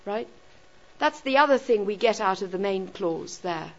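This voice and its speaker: A woman's voice: mid-range voice, expressive, normal speed, highs cut off, slight background noise. A woman teaching a grammar lesson to a class, often checking in with rhetorical questions such as "right?" and "okay?".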